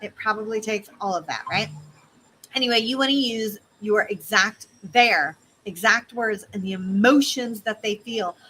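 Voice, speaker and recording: A woman business coach teaching in a casual, animated way, speaking straight to her listeners. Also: mid-range voice, moderate pace, a little hiss or hum, low-quality recording.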